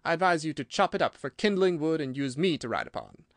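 A man's voice: on the high side, sing-song, quick pace, no echo, clean studio sound, voice pushed up. A man voicing a plain-spoken, blunt square beast in a storybook.

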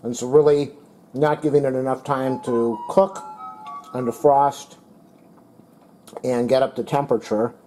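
Casting note: an everyday man with a mellow, relaxed voice and a mid-range pitch, talking through a product test in his kitchen. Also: measured pace, long pauses, soft background music, poor audio. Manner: plain, methodical, talks while demonstrating and eating. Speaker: product reviewer. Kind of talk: casual product review narration. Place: home kitchen, indoors.

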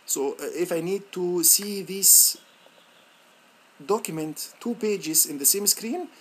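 A male instructor walking students through a software lab on screen, halting and encouraging, with many fillers and restarts. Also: sits high, slight background noise. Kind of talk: screen-recorded software tutorial.

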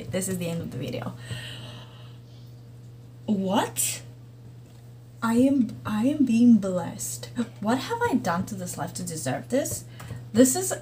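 A woman's voice: medium pitch, a little mellow, a little hiss or hum. A woman hosting a reaction video, gushing and exclaiming as she watches, with faint music behind her. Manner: gushing, exclamatory, laughs and gasps often. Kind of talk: excited reaction commentary over a music video.

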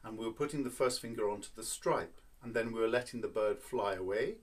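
A man's voice: fairly low pitch, brisk. A man teaching a children's violin lesson, patient and playful, counting beats and explaining step by step.

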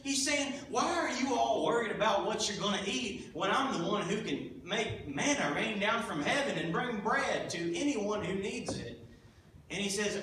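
A high, bright male voice delivers a sermon and brings the stories to life with acted-out lines. The sound is very echoey and distant, as if taken from the back of a church, with faint noise underneath. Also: normal speed. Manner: animated storytelling, acting out voices. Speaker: preacher. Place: church sanctuary. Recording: echoey hall, mic at a distance.

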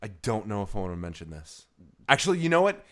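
A man's voice: fairly low pitch, big pitch swings, fast, a bit bright. A young man co-hosting a casual gaming podcast, loose and profane, laughing often. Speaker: podcast co-host. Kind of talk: casual chat.

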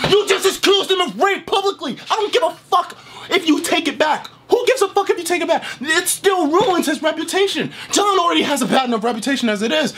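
Male streamer, high and swinging voice, profane, hot-headed reaction rant. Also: animated, brisk, fairly bright tone, slight background noise. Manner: heated, profane, reads messages aloud. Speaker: online streamer.

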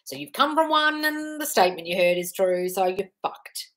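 Reading out viewer comments on her live stream, a forties-aged manifestation coach stays blunt, swears freely, and addresses everyone as darling. Her mid-range voice is expressive and a bit bright, at a moderate pace.

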